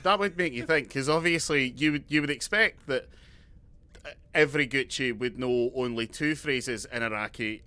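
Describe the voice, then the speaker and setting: A man with a bright, tense voice trades jokes on a casual comedy podcast. He delivers absurd ideas in a flat, matter-of-fact way. His delivery stays deadpan while he chats. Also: mid-range voice, normal speed, clear, resonant tone. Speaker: podcast co-host.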